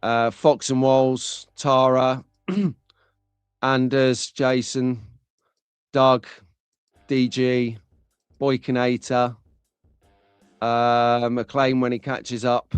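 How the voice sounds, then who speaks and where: A man's voice: mid-range voice, little pitch movement, extremely slow, long pauses, smooth, no room sound, faint music behind. A man hosting a casual live stream, chatting and bantering with viewers in the chat. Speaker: livestream host.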